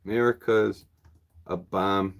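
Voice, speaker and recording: A man's voice: low-pitched, steady tone, slow pace. A man who runs a used bookshop, chatting casually and at a rambling pace with viewers on a livestream, chuckling often.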